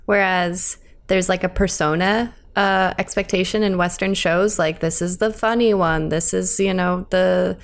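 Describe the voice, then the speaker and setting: A woman's voice: on the low side, fairly even intonation, unhurried, hardly any pauses. A woman in casual podcast chat, easygoing and wry.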